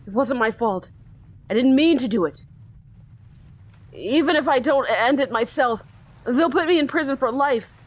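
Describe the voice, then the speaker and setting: A woman's voice: sits high, expressive, moderate pace, pauses often, voice pushed up. A woman voicing a distraught sixteen-year-old boy from a video game, pleading and broken-up as she reads his lines. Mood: hopeless. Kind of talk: reading game dialogue aloud.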